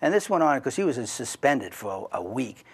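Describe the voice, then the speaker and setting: A man's voice: mid-range voice, big pitch swings, brisk, breathy edge. A middle-aged man telling a personal story in casual talk, rambling with restarts and asides to the listener.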